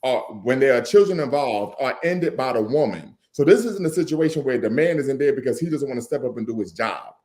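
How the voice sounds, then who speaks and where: Guy debating calmly, quotes stats, mid-pitched and even. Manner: measured, cites facts, stays composed. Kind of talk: debate on a livestream.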